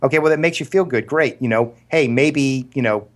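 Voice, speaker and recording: Podcast co-host, male, mid pitch, earnest debater prone to restarts. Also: a little fast. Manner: earnest, stumbling restarts, absurd analogies. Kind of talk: casual argumentative discussion.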